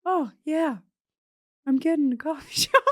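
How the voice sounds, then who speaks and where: A woman imitating a soft-spoken, gentle female teammate by slowing down and softening her own speech. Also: high voice, no room sound, clean studio sound, voice pushed up. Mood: chatty. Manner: slowed-down, soft and gentle delivery.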